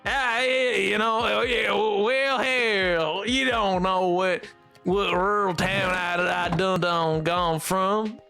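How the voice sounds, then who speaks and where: A man's voice: sits high, steady tone, slow pace, vocal fry, pushed and bright, clear, resonant tone, soft background music, heavily acted. A man on a game stream voicing a folksy country boy in an exaggerated, fake Southern drawl. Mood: folksy, defensive. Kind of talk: joking accent bit on a game stream.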